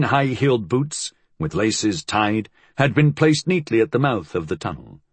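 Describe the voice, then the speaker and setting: A man reading a novel aloud as scripted audiobook narration, in a measured, even storytelling manner. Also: mid-range voice, breathy edge, dry recording.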